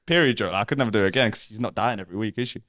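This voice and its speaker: A man bantering on a comedy debate podcast, firing off rambling, crude stories at a quick clip. His voice sits fairly low, and the sound is close and dry with no room to it. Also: fairly bright tone, dry recording. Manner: rambling, swears freely, jokey storytelling. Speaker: co-host.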